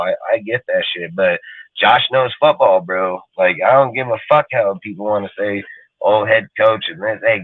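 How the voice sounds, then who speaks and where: A man's voice: on the low side, dry recording. Male sports talk host, heated and profane, dry tinny phone-quality audio. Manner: profane, emphatic, ranting.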